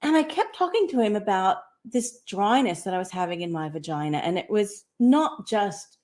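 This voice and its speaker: A woman's voice: mid-range voice, animated, normal speed, a little mellow. An American woman in her sixties with a slightly Australian-tinged accent, telling her story as a guest in a chatty, upbeat way over a video call. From United States. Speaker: guest entrepreneur. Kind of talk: interview storytelling.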